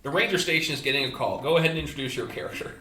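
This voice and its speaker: A man narrating a tabletop game as game master, animated and laughing as he describes events. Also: on the high side, very fast, reverberant, faint music behind.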